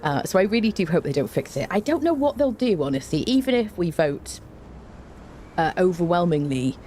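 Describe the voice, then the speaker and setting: A woman's voice: on the low side, sing-song, normal speed, warm tone, a little hiss or hum. A tired woman game streamer in casual live-stream chat, bubbly and chatty as she greets her viewers one by one with repeated hellos.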